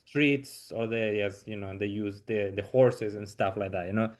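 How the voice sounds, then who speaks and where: Speaking English as a second language with a Chilean accent, this man from southern Chile, whose first language is Spanish, appears as a comedian guest in a casual podcast chat. His voice is lowish and steady at a normal speed, and his manner is loose, relaxed and full of easy laughter.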